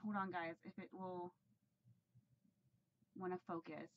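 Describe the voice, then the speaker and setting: Excited rambling woman vlogger, lo-fi. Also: lowish voice, measured pace, a little hiss or hum. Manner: excited and rambling, many fillers and restarts. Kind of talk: casual vlog unboxing.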